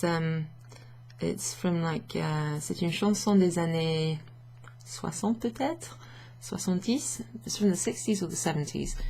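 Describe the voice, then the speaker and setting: Husky, low-voiced woman teaching French. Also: dark tone. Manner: chatty, laughs often, mixes English and French. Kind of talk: casual language lesson. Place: home office with a standing desk.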